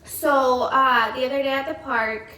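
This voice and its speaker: A woman's voice: high-pitched, steady tone, moderate pace, bright, forceful tone. Chatty young mother, echoey room. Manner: chatty storytelling, many "like"s, quoting her kids. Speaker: podcast co-host, mother. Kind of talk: casual chat. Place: home. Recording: echoey room, mic at a distance, faint noise.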